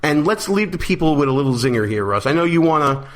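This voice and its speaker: High-voiced man co-hosting talk radio. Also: animated, fast. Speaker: co-host. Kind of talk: political talk radio banter. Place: radio studio.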